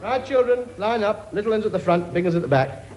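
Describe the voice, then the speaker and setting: A man's voice: sits high, expressive, fast talker, darkish tone, soft background music. A man playing a bossy, boastful comic king in a sitcom, blustering and scolding in a chummy way. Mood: brusque. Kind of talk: sitcom acting before a laughing audience.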